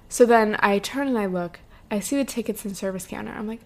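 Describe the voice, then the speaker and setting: A young woman hosts her podcast and tells a travel story alone at the mic. She talks in a loose, chatty way, with many fillers and a few swear words, at a middle pitch. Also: fairly quick, a bit bright. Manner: chatty, lots of "like" and "um", swears freely. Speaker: podcast host. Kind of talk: casual storytelling monologue.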